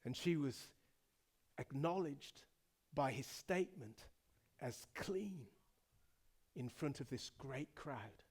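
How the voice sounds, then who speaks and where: With vocal fry, a breathy edge, and a slightly high pitch, a middle-aged man from England preaches. As a pastor, he tells the sermon's story with drama, moving from hushed moments to loud ones.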